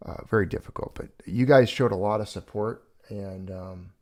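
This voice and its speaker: A man's voice: lowish voice, normal speed, a little mellow. A man hosting a casual livestream, talking in a rambling, earnest way and getting choked up at times. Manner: rambling, earnest, emotional when speaking of a lost pet. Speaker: livestream host.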